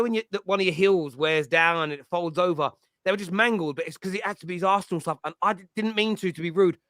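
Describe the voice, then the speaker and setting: A man's voice: a little high, fairly bright tone, no echo. A man hosting a casual podcast chat, telling stories animatedly and laughing often. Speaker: podcast host.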